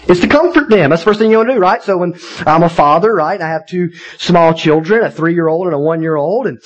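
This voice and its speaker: A man's voice: fairly high pitch, low-quality recording. A man in his thirties, a pastor preaching a sermon in a conversational, folksy way, often checking in with his listeners.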